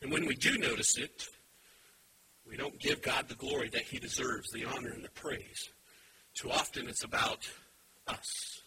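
A man preaching a sermon as pastor, emphatic, swinging from quiet asides to loud shouted points. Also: mid-range voice, normal speed. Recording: steady background hiss.

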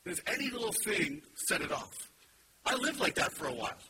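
Preacher, man, 50s: quick, chatty, sarcastic, higher voice, far from the mic over loud noise. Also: very animated. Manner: quick, conversational storytelling with sarcastic humor. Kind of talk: sermon.

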